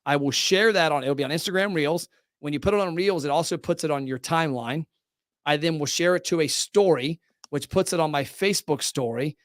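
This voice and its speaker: Upbeat male podcast host with a fairly high voice and a pitch-driven, motivational delivery; close, dry studio mic. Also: no echo. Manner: energetic, animated, talks in quick bursts; salesy, motivational. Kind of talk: casual podcast conversation.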